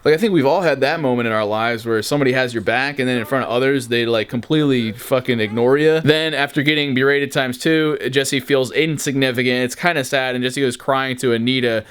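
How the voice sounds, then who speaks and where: A man's voice: medium pitch, fairly quick, hardly any pauses, clear, resonant tone. A young man casually talking through behind-the-scenes stories of his videos, swearing freely and acting out quotes with energy. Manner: casual, profane, animated retellings. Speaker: YouTuber.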